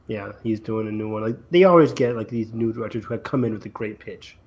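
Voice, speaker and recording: A man's voice: lowish voice, quick pace, a little mellow. A man co-hosting a casual podcast, joking and teasing the others about movies. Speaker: podcast co-host. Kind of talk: casual chat.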